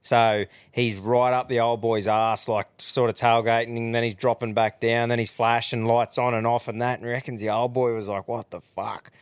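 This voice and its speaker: A man's voice: medium pitch, level tone, moderate pace, few pauses, clean tone, no room sound. A man hosting a casual podcast, laid-back and swearing a lot as he tells long rambling yarns. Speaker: podcast host.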